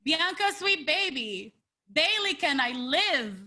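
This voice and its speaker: A woman co-hosting a casual wrestling podcast, sassy and animated, swearing freely. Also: high voice, slow. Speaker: podcast co-host.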